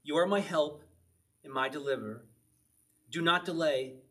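A slightly high-voiced man teaches an informal Bible study, reading verses from the Psalms and then talking them through. He speaks casually to the group, laughs often, and wanders off on asides before coming back to the text. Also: normal speed, fairly bright tone. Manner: conversational, laughing often, reading scripture aloud. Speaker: pastor.

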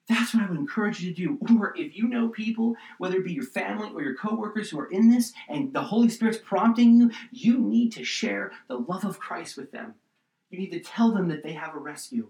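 A man preaching a sermon as pastor, passionate and swinging between loud emphasis and quiet appeals. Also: sits high, expressive, fairly quick. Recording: roomy echo, distant mic.

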